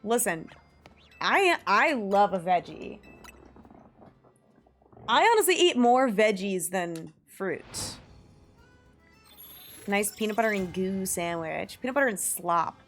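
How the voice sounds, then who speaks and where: A woman's voice: mid-range voice, expressive, slow, pauses often, a bit bright, faint music behind. Chatty young woman streamer musing aloud. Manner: chatty and musing, reads search results aloud with frequent laughs. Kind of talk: casual chat on a live stream.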